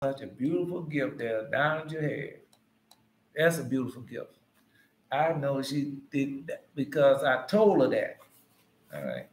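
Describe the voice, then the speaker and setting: A man's voice: medium pitch, very animated, measured pace, long pauses, a little hiss or hum. A man giving informal Bible teaching, talking loosely and conversationally and quizzing his listeners. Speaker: preacher. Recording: echoey room.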